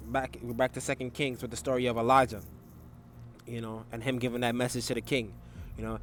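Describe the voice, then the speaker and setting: A man giving a casual Bible study, talking loosely with filler tags and restarts and reading scripture passages aloud. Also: medium pitch. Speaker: Bible teacher.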